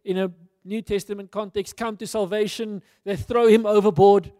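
A man with a high voice preaches in a relaxed, storytelling way, slipping into the voices of the people in the story. The voice sits close and dry on the mic. A long hall reverb trails behind every phrase. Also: normal speed, smooth. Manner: casual storytelling, acting out dialogue. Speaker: pastor. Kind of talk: sermon.

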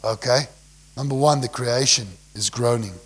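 A young pastor from South Africa, judging by his accent, gives a sermon that veers between shouted lines of scripture and quiet, low comments. His pace is normal and his voice slightly rough.

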